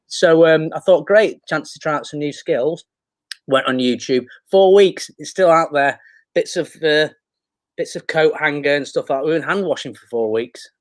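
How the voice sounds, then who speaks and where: Manchester guy on a video call, slightly high voice, dry sound, rambly self-deprecating stories. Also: normal speed, no room sound. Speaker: guest, actor. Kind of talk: casual chat.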